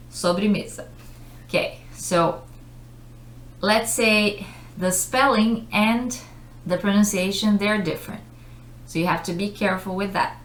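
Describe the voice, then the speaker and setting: A woman's voice: mid-range voice, a bit bright, slight background noise. A woman teaching English vocabulary, explaining patiently with simple examples and checking in with "okay?". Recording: roomy echoey room.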